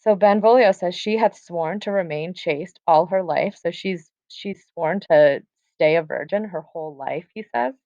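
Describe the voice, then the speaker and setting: A woman's voice: lowish voice, measured pace, a little mellow, no echo, lo-fi sound. A woman teacher casually retelling a play, reading lines aloud and paraphrasing them in modern slang.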